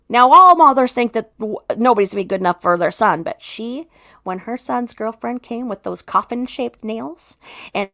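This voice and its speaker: A woman's voice: fairly high pitch, fairly bright tone. Chatty woman from the Pacific Northwest. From Pacific Northwest, United States. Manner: chatty storyteller, explains with vivid examples. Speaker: guest explaining narcissism. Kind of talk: casual chat.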